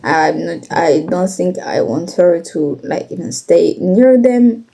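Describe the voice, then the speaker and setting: Slow, soft-toned young woman confiding. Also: fairly low pitch, expressive, vocal fry, slightly rough. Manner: halting, frequent restarts and fillers; candid, blunt, occasional swearing. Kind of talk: casual confessional vlog.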